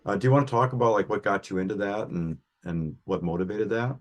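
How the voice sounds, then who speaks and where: A man hosts a radio interview show. He has a lowish voice and asks his questions in a relaxed, conversational way. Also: quick pace. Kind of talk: casual interview.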